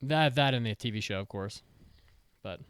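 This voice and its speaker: A man in his thirties co-hosting a podcast, chatting casually in an excitable, rambling, jokey way. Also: mid-range voice, normal speed, clean tone. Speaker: podcast co-host. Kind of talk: casual chat.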